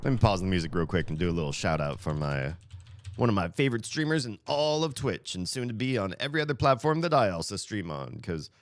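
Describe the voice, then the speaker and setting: A man's voice: lowish voice, expressive, quick pace, slight background noise. A man streaming live and chatting casually with viewers, rambling, with many "like" fillers.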